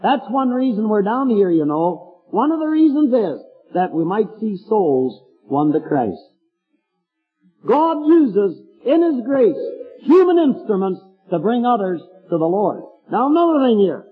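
A man's voice: sits high, sing-song, measured pace, breathy edge, faint music behind. An older man preaching a folksy storytelling sermon with chuckling asides, heard through a tinny, echoey hall recording.

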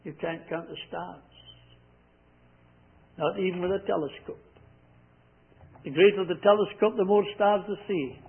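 A man preaching a sermon, repeating scripture lines slowly and with emphasis. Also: high-pitched, steady tone, slightly rough. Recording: tinny phone-like sound.

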